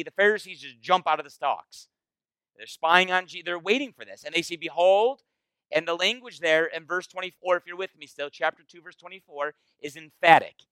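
A man leading a Bible study as pastor, in a casual, animated, conversational sermon style. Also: fairly high pitch, smooth, dry recording, low-quality recording. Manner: animated, conversational, acts out quoted voices.

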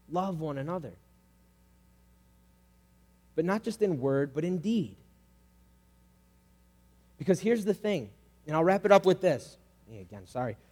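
A man with a somewhat high voice preaches in a relaxed, chatty way, peppering his points with "like" and little acted-out quotes. His voice rings out with a long reverb through the hall. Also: husky. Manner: casual and conversational, acting out quoted voices. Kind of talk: sermon.

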